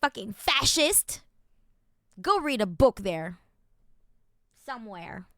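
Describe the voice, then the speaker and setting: A woman streamer with a fairly high, smooth, crisp voice reads documents aloud in a low mutter at a slow pace, her pitch swinging widely. She keeps erupting into loud, angry, profane rants as she reacts to what she reads. The audio is close and dry, with no room echo.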